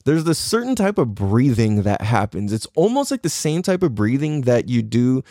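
A young man tells a personal story in loose, rambling speech, packed with swearing and fillers. His delivery is intense and emotional, and his voice sits at a middle pitch. The sound is dry and close, with no room echo. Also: very animated, moderate pace, dark tone.

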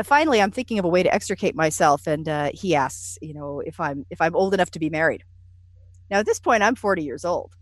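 Woman guest, anecdotal and chatty, middle pitch, dry close sound. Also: no echo. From United States. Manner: lively, self-deprecating storyteller with frequent "uh" and "you know". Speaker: interview guest. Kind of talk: conversational storytelling.

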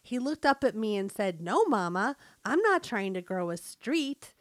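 A woman's voice: on the high side, sing-song, normal speed, dry recording. A woman voicing a cheerful, chatty small-town mom with a North Dakota accent, reading a comic story aloud. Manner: folksy, bubbly storytelling.

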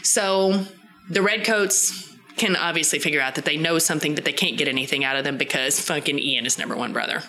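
A woman with an Arkansas Southern twang chats casually on a podcast, recapping a show with plenty of swearing and sound effects. Her voice is bright and forward. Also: low-pitched, brisk. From Southern United States. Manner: profane, animated, sound effects. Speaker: podcast co-host. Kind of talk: casual chat recapping a TV episode.

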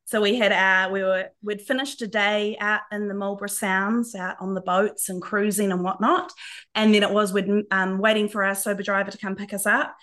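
A woman in her thirties from New Zealand, with a nasal voice and a New Zealand accent, chatting as a podcast guest. She tells stories in a lively way and laughs often. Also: medium pitch, moderate pace. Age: 30s. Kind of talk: casual chat.

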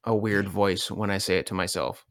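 A man's voice: lowish voice, level tone, moderate pace, a bit bright, no echo. A man co-hosting a casual podcast chat, dry and matter-of-fact. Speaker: podcast co-host.

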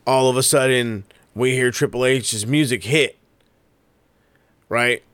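A man's voice: mid-range voice, slow pace, clean tone, no room sound. A man giving casual solo wrestling commentary into a close mic, swearing often and rambling through his ideas. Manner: profane, rambling, animated.

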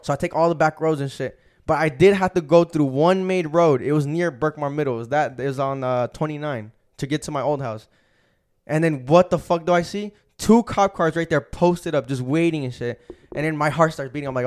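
A man's voice: fairly high pitch, a little mellow. Young man telling a profane story. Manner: profane, fast-flowing street slang. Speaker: podcast host. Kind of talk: casual storytelling.

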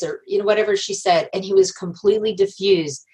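A woman guest in an interview, telling stories in a lively way and acting out the people she quotes. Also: medium pitch, a little fast, few pauses, low-quality recording. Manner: animated storyteller, acts out quoted voices, laughs often. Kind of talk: conversational interview.

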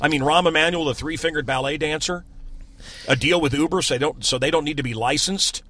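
A man's voice: on the high side, fairly quick, bright, forceful tone, dry recording. A man, a radio host in casual chat, ranting and sarcastic. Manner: ranting, sarcastic, mocking voices.

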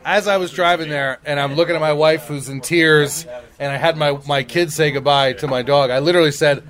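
A man's voice: a little high, brisk. A middle-aged man hosting casual banter, telling stories animatedly and acting out what people said. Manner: animated storyteller, acts out voices. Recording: loud crowd chatter behind.

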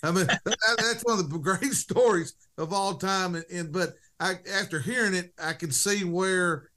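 High-voiced man hosting an interview. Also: pushed and bright. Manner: enthusiastic, halting questions. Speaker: podcast host. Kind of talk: casual interview.

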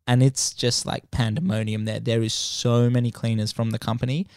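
Animated man telling a story. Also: medium pitch, moderate pace, dry recording, studio quality. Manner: animated, swears freely, acts out the story. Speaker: podcast host. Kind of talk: casual chat storytelling.

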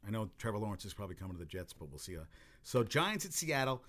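A man's voice: on the low side, sing-song, fast, noisy background. A man giving casual, rambling sports talk, full of cursing, restarts and exclamations.

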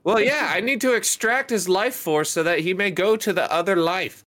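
A man's voice: sits high, moderate pace, a crowd in the background. A man playing a character in a tabletop game, talking casually and playfully. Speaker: player.

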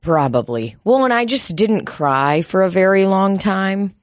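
A woman's voice: medium pitch, lively intonation, unhurried, no room sound, studio quality. A woman co-hosting a comedy podcast, telling stories in a blunt, profane, casual way. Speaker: podcast co-host.

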